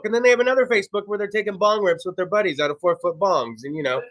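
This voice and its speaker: A man's voice: high voice, racing, fairly bright tone. A man in his thirties from California hosting a casual talk show, rambling and profane. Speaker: host. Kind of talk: casual monologue. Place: studio.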